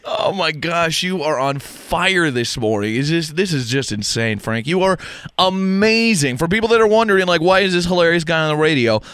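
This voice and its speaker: Bright, gushing radio host. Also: male voice, fairly high pitch, lively intonation, moderate pace, clear, resonant tone, no echo. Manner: enthusiastic, gushing, plugs event details. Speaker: radio morning show host. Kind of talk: upbeat radio interview. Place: radio studio. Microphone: close studio microphone.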